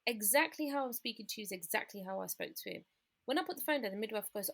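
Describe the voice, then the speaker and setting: A woman tells her own story in an interview, her voice carrying a gravelly edge. She talks candidly and acts out what everyone said to her. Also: on the high side, fast, fairly bright tone. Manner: candid, recounting events with quoted dialogue. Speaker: guest. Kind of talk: personal story in a podcast interview.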